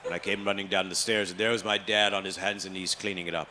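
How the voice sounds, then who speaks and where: A man doing stand-up comedy in a club, telling deadpan stories about his family and chatting with the crowd. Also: low-pitched, fast, slight background noise. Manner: deadpan storytelling, loud put-on voices for family.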